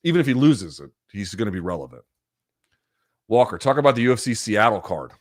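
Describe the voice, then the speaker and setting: A man's voice: fairly low pitch, fairly quick, no echo. Sarcastic man hosting a live chat. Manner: animated, sarcastic, profane. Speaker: host of a live chat show. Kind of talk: casual live-stream commentary.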